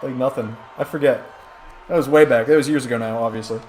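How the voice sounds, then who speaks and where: A man's voice: mid-range voice, quick pace, slight background noise. A man commentating a wrestling video game on a live stream, rambling and joking through the play-by-play. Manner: rambling, jokey, excitable play-by-play.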